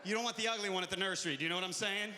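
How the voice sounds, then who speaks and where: A man's voice: sits high, rapid-fire, bright, forceful tone, big-room sound, a little hiss or hum. A male comedian performing a stand-up set, punchy and chatty with the crowd.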